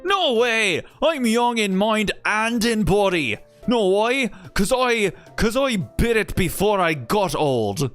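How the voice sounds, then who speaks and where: A man's voice: high-pitched, sing-song, slow, hardly any pauses, a bit bright, soft background music, voice pushed up, full character voice. A man voicing a cocky, affable grown male sage in a put-on Irish accent, reading a game aloud with teasing banter.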